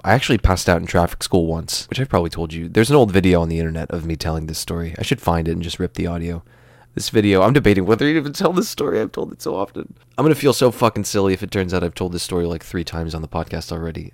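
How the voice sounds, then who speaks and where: A man's voice: sits low, gravelly, a little mellow, dry recording. A man in his late twenties hosting a podcast, telling rambling, self-deprecating comedic stories full of absurd tangents. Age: late 20s. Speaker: podcast host.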